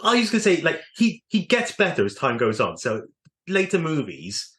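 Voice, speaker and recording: A man with a high voice that swings widely as he talks. He is a podcast guest who works through his points out loud and stumbles at the start of his sentences. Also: huge pitch swings, moderate pace. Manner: hesitant, thinks aloud, stammers at starts. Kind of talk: casual film chat.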